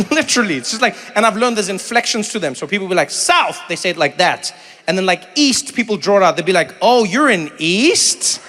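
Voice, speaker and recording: A man in his thirties with a South African accent doing stand-up crowd work, animated and breaking into loud high impressions. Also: very fast. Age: 30s. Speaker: stand-up comedian. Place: large theater stage. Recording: live hall with faint crowd noise.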